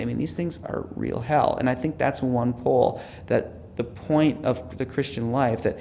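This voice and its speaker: A theology professor gives a reflective teaching talk full of personal stories, speaking earnestly and dropping to a hush for quoted words. His voice is medium-pitched and creaky, with a little hiss or hum in the recording.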